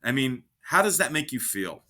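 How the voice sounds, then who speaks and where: A man co-hosting a casual advice chat, talking in an upbeat, energetic way and giving lively examples. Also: mid-range voice, moderate pace. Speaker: podcast co-host.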